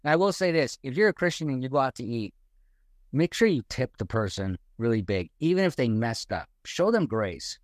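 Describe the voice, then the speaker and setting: Animated male co-host telling a story. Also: medium pitch, fairly quick, no room sound, clean studio sound. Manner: warm storyteller, animated retelling. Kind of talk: casual faith discussion from a live stream.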